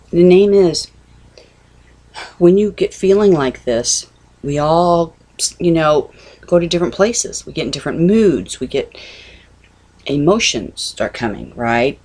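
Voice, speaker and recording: Earnest middle-aged woman, husky voice. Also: deep voice, darkish tone. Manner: earnest, conversational, repeats "okay?" and "you know". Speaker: Christian vlogger. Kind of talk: casual devotional talk to camera.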